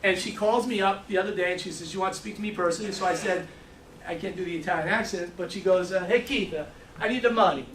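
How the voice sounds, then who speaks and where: High-voiced New man, echoey room. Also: fast talker, distant mic, slight background noise. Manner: animated storytelling, repeats words. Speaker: financial services trainer. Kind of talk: training talk to a room.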